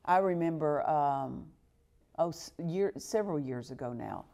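A woman's voice: deep voice, animated, measured pace, vocal fry, mellow. Earnest woman preaching a sermon. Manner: earnest and exhortative, repeats phrases for emphasis. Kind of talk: sermon to a responding congregation.

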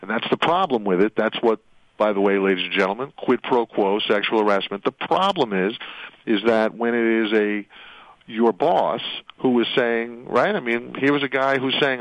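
A man's voice: on the low side, normal speed, dry recording. A man hosting a radio interview as an attorney, walking his guest through her story with rambling leading questions that keep ending in "right?". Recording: dull radio audio.

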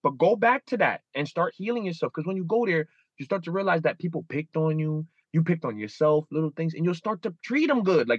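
A man's voice: on the high side, expressive, brisk, few pauses, husky, no room sound, highs cut off. A man in his thirties, a guest in an interview, speaking earnestly with many restarts and repeats. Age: 30s. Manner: earnest, repeats and restarts, acts out inner voices. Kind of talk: emotional interview.

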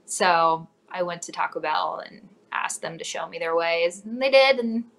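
Casting: easygoing woman chef guest, bright tone, rambling chat. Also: fairly low pitch, normal speed. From Cincinnati, Ohio. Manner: relaxed, chatty, many fillers. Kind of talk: casual interview chat.

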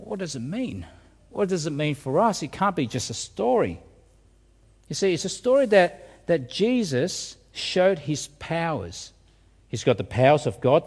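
Male preacher, expressive, husky tone, lively pitch, long hall reverb. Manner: expressive, rhetorical questions, repeats words. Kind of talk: sermon.

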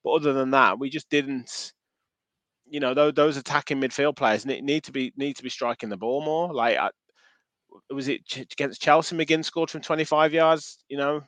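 A man's voice: mid-range voice, steady tone, moderate pace, fairly bright tone, no room sound. Podcast guy rambling about his team, trips over words a lot, dead dry sound. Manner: rambling, frequent restarts, reads out listener comments. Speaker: podcast co-host. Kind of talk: casual football chat.

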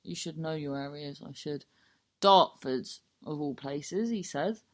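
A woman's voice: deep voice, animated, moderate pace, vocal fry, darkish tone. A woman with a Cornish accent hosting a podcast, chatting casually and rambling, with frequent swearing and self-mockery. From Cornwall. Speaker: podcast host.

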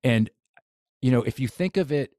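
A man's voice: mid-range voice, animated, normal speed, a little mellow, no echo, clean studio sound. A man, a boxing coach, talking casually as a podcast guest, enthusiastic and rambling with restarts. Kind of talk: casual interview chat.

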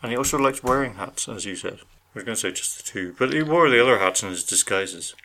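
A man with a low voice and a bright, forceful edge, co-hosting a casual podcast chat. He talks in a wry, jokey way and tosses in dry asides. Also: animated, fast. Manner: jokey, wry, trailing off with laughs. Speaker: podcast co-host.

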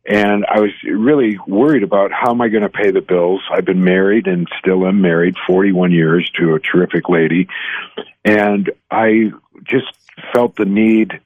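A man in his sixties, a guest telling a personal story in earnest, halting speech with many restarts, heard over a phone line. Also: sits low, fairly even intonation, no echo. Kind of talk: personal testimony in an interview. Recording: tinny dry phone line.

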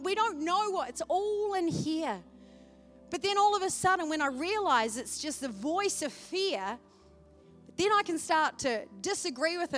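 Woman preacher, high-pitched, emotional storyteller, swings loud to hushed; faint music behind. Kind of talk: sermon. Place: church service.

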